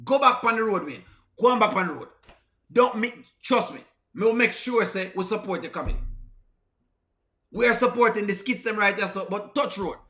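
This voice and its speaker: A man's voice: high voice, moderate pace, pushed and bright, echoey room. A man with a Jamaican accent giving casual reaction commentary as a livestream host. He pleads and repeats himself, slipping between patois and plain speech.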